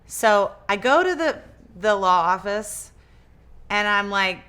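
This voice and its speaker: A woman guest in a casual interview, telling her story in a lively way, acting out quoted dialogue and often restarting her words. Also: medium pitch, slow, smooth. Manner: animated, acts out quoted dialogue. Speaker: interview guest, business owner.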